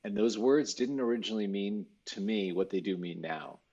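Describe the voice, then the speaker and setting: A man talking about his career in a relaxed, self-deprecating way during a casual interview. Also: fairly low pitch, moderate pace, highs cut off.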